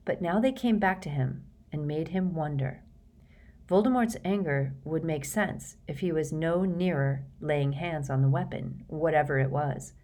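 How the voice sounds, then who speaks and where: Low-voiced woman narrator, steady measured audiobook reading. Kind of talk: scripted narration.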